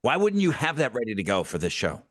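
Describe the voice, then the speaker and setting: A man's voice: mid-range voice, wildly swooping pitch, quick pace, dry recording, studio quality. A man co-hosting a podcast, chatting casually and needling his partner with teasing questions. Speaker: podcast co-host. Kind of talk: casual chat.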